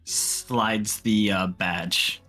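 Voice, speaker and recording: A man with a low, husky voice and a forceful edge plays his character in a tabletop game. He speaks dryly and with confidence over faint music. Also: steady tone, extremely slow. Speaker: player.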